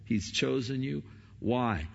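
A man preaching a sermon as pastor, swinging between loud emphatic peaks and quiet low asides. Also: lively intonation, takes it slowly, vocal fry. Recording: dull, long-reverb hall sound.

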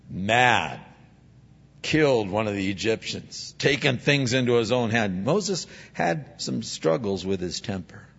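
A male pastor preaching a sermon, animated, acting out biblical figures in dialogue. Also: medium pitch, vocal fry, breathy edge. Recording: dull sound with long hall reverb.

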